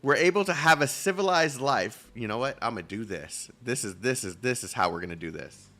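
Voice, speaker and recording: A man's voice: medium pitch, animated, fairly quick, pushed and bright. A man streaming a game, reading its dialogue aloud, tripping over words and laughing at himself between loose, joking banter.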